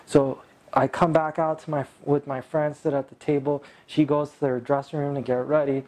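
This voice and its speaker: A man's voice: a little high, flat delivery, moderate pace, darkish tone. Boastful, profane male storyteller. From California. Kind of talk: casual anecdote.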